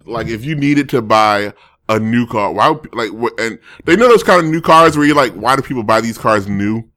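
Man, streamer, bright voice, mid pitch, rambling joking chat. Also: expressive, normal speed. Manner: rambling, joking, self-correcting. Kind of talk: casual chat reading viewer comments.

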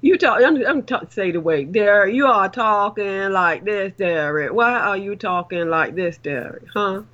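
A man's voice: high-pitched, very animated, normal speed, hardly any pauses, a bit bright, highs cut off, full character voice. A man voicing a fussy older mother who keeps nagging her son by name. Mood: fretting. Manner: repeats son's name, scolding and fretting.

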